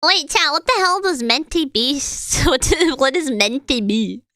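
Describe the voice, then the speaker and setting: A woman's voice: sits high, bright, forceful tone, no room sound, studio quality. A young woman with a British accent, streaming her playful, giggly, foul-mouthed reactions to a video. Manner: playful, giggly, swears freely.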